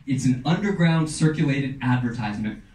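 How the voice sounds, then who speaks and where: A man's voice: medium pitch, expressive, a little fast, a little mellow, far from the mic. A young man telling a story on stage with a punchy, dramatic delivery. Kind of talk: live storytelling performance. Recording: echoey room, voice off-mic, faint noise.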